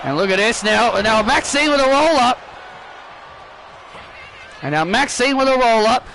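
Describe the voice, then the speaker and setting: A man commentating his own wrestling video game matches with excitable play-by-play, often restarting his sentences and shouting at the big moves. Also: very high voice, normal speed, a little hiss or hum. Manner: frequent restarts and self-corrections, bursts of shouting at big moves.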